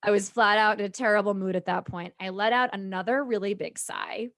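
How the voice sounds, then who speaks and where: A woman co-hosting a podcast, telling a story in a casual, animated way and laughing often. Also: medium pitch, brisk, no echo, clean studio sound. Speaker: podcast co-host.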